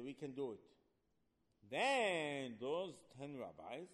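A man teaching Torah in an animated, emphatic way, firing rhetorical questions and mixing in Hebrew terms. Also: on the high side, long reverb tail.

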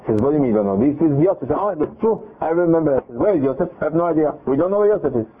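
A man's voice: on the high side, very fast, husky. Man retelling a Torah story over phone. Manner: animated retelling with quoted dialogue and restarts. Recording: tinny phone-line audio.

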